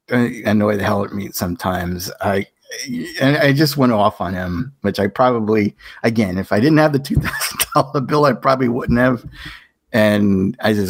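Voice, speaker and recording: A man's voice: medium pitch, no echo. Man, podcast host, casual chat, rambling storyteller, acts out quotes.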